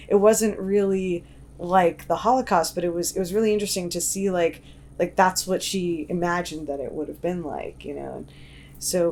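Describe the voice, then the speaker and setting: A woman's voice: on the low side, a little mellow. A young woman talking casually in an interview, chatty and full of "like" fillers and restarts. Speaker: guest artist and cartoonist.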